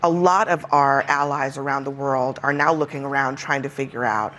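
A woman hosting a political panel discussion, briskly leading questions. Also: rumbling low, steady tone, a bit bright, a little hiss or hum. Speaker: host.

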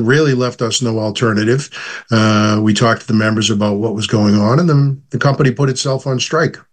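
A man as a union director guest, answering in a halting way with many fillers. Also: medium pitch. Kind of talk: interview answers.

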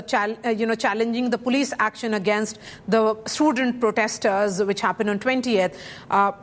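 Higher-voiced woman news anchor. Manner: hesitant, many fillers before questions. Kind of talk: live news interview.

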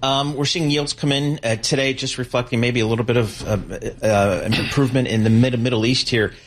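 A man's voice: mid-range voice, fairly even intonation, a little fast. A man co-hosting a financial talk show, asking conversational market questions. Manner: conversational, brief affirmations. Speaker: co-host. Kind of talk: financial interview.

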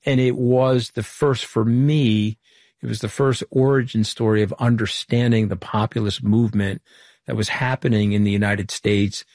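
Brisk storytelling man, low and dry. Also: fairly even intonation, darkish tone, no room sound. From Long Island, New York. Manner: brisk anecdotal storytelling with quoted dialogue. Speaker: interview guest, former political communications director. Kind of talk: candid storytelling interview answers.

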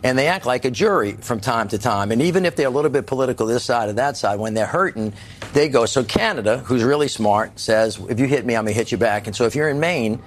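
A man's voice: medium pitch, animated, fast talker. A man speaking as a guest on a news panel, folksy and emphatic, acting out what ordinary people say. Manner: folksy, emphatic, quotes people in plain talk. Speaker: political commentator guest. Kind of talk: panel discussion.

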